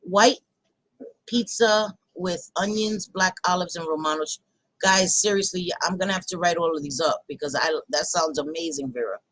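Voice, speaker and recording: A woman's voice: fairly low pitch, moderate pace, a bit bright, no room sound, poor audio. Blunt, chatty woman on a live chat. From New York. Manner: chatty, blunt, laughs often, swears casually. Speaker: livestream host chatting with viewers. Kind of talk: casual live chat reading comments.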